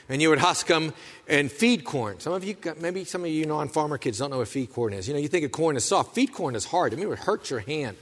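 Male pastor, slightly high pitch, folksy sermon delivery in a church with a long reverb tail. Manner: folksy storytelling with asides. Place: church sanctuary.

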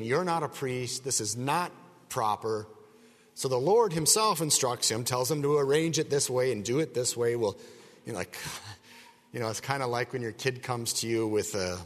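A man with a medium-pitched voice, heard with a long reverb tail, teaches through the Bible verse by verse. His manner is conversational and digressive, and he often checks in with listeners through rhetorical asides.

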